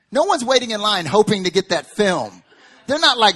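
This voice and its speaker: A pastor preaching a sermon in an animated storytelling way, dropping to hushed lines and rising to loud ones. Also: male voice, very high-pitched, moderate pace. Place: church service.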